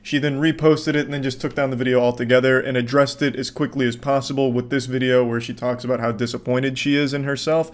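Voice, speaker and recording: A man delivering sarcastic commentary in a dry, deadpan voice. His pitch sits in an ordinary middle range, and the swearing comes out flat and sardonic. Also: fast talker, hardly any pauses.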